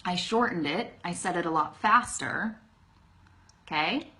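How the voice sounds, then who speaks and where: A woman's voice: on the low side, expressive, measured pace, bright, forceful tone. Chatty Californian woman teaching English live. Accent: Californian American English. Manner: chatty and informal, lots of fillers and self-corrections; voice rises and falls, stresses certain words. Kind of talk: live-streamed English lesson. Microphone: phone.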